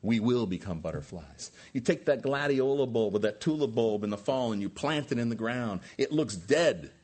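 A man's voice: medium pitch, lively intonation, moderate pace, a little mellow. A man preaching a sermon as pastor, with rising emphatic peaks and rhetorical questions to the congregation.

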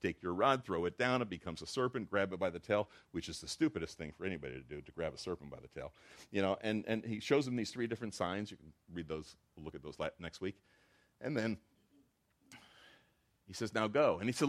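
A man preaching a sermon to his congregation, his voice pitched fairly low. He talks in an animated way and acts out the dialogue he quotes. It sounds like a pastor speaking in church. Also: fairly quick.

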